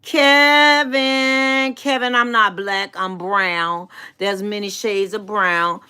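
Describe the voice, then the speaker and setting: A woman's voice: medium pitch, steady tone, slow pace, sharp tone, clean tone. A middle-aged woman hosting a casual live stream, chatting with viewers in a rambling, affectionate way, calling them baby and adding faith-based encouragement. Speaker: channel host.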